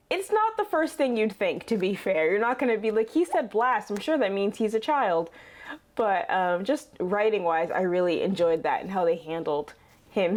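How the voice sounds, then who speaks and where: A young woman hosting a casual reaction video, chatty and quick to laugh, with lots of fillers. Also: medium pitch.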